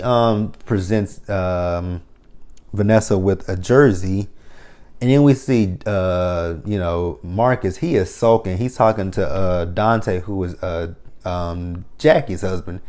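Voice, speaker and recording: A man with a fairly low voice runs through a TV episode in a loose, chatty recap. He is sarcastic and swears freely as he comments on each scene. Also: unhurried, darkish tone. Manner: sarcastic, profane running commentary. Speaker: TV episode reviewer.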